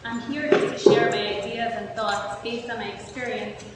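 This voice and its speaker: A woman's voice: a little high, flat delivery, moderate pace. Woman giving an earnest talk in a big echoey hall, kinda far from the mic, noisy. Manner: earnest, explains with stories and examples, occasional restarts. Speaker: speaker on retirement transitions. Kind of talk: community talk with audience questions. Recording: echoey hall, distant mic, background noise.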